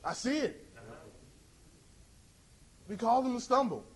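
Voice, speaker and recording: A man preaching a sermon, impassioned and rising to shouts with drawn-out emphasis. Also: very high voice, animated, husky.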